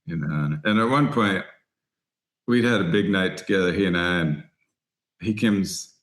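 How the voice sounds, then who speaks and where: A middle-aged man from Texas, a writer and angler, telling lively anecdotes in an interview and acting out other people's lines. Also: sits low, moderate pace. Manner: animated anecdotes, voices other people in quotes. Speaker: podcast guest, writer and angler. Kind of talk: storytelling interview chat.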